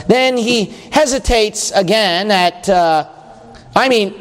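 A man's voice: high voice, slow pace. A man preaching a sermon in a conversational way, reading scripture and acting out quotes. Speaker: pastor. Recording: long hall reverb.

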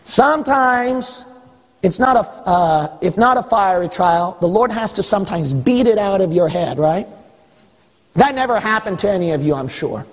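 A man preaching a sermon as pastor, animated, acting out exchanges with God. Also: sits high, normal speed. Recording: echoey hall with long reverb.

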